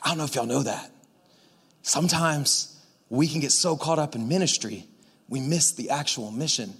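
A male pastor preaching a casual sermon, energetic and chatty with lots of asides to the congregation. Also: fairly high pitch, moderate pace, husky.

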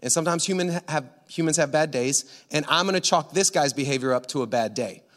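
A male pastor telling an animated, laughing story during a sermon. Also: fairly high pitch, quick pace, long reverb tail.

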